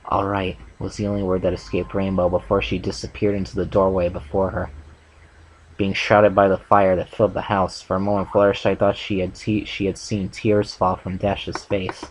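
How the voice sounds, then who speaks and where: A man's voice: sits low, flat delivery, moderate pace, slight background noise, rough recording. A man reading a fanfic aloud for his channel in a plain way, with a few stumbles and restarts. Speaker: channel host and fanfic reader.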